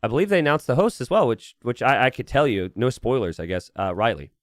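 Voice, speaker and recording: A man's voice: mid-range voice, very animated, fast talker, dry recording, studio quality. A man casting a strategy game live, chatting casually and rambling as he reads and answers his chat. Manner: chatty and rambling, thinks aloud and talks to chat. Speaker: game caster and streamer. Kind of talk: casual live-stream commentary.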